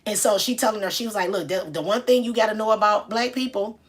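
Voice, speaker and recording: A woman's voice: mid-range voice, quick pace. A woman telling a story casually and greeting viewers as she goes. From Detroit. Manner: chatty, shouts out viewers mid-story. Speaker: vlogger.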